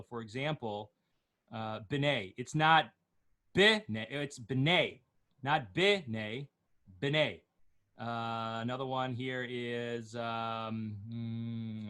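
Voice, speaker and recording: A middle-aged man teaching Torah reading over a video call, chanting cantillation note names slowly and breaking off into quick spoken explanations. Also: medium pitch, fairly bright tone. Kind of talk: online class, chanting cantillation notes.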